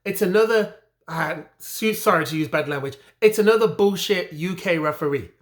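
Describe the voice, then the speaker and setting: A man's voice: high voice, normal speed. An English man ranting indignantly about a boxing result, repeating his points with emphatic frustration. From England. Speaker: boxing commentary vlogger. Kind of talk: heated opinion rant.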